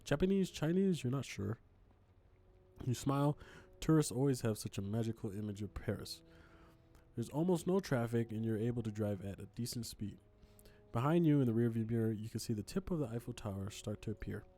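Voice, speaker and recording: A man's voice: mid-range voice, lively intonation, brisk, warm tone. A man reading a narrative game's text aloud and making joking asides as he plays. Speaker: streamer reading a game aloud. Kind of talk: casual game narration and chat.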